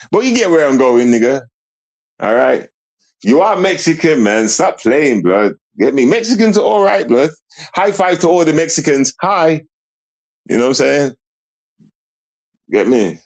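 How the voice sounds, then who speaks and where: A man's voice: mid-range voice, a little mellow. A young man ranting on a casual livestream, mocking and repetitive as he talks to his chat.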